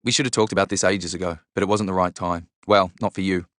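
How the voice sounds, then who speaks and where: A man's voice: deep voice, steady tone, quick pace, fairly bright tone, no room sound, clean studio sound. A man voicing a blunt, easygoing young man who talks with matter-of-fact reassurance. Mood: steady.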